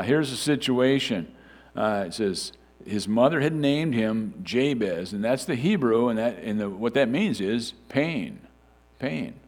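A man preaching a sermon in a conversational way, with frequent fillers and restarts. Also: medium pitch. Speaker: pastor.

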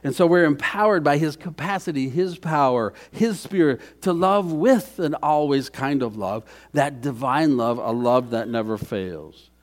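A man preaching a sermon as pastor, earnest, repeating key phrases and dropping softly for emphasis. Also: a little high, lively intonation, a little slow, hardly any pauses.

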